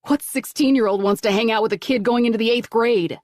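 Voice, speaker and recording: A woman's voice: fairly low pitch, no room sound, studio quality, lightly acted. A woman reader voicing an upset middle-aged father who talks bluntly and with disgust. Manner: blunt, disgusted, quick to deny.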